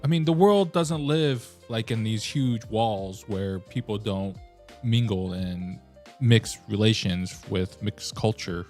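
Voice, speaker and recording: Lower-voiced man ranting animatedly. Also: takes it slowly, a little mellow, soft background music. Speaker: host. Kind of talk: reaction video commentary.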